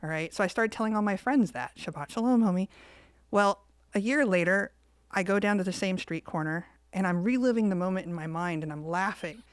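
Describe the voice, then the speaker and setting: A woman's voice: mid-range voice, a little fast, smooth, no echo. A woman co-hosting a podcast, telling a story in casual chat and acting out the quoted lines. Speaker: podcast co-host.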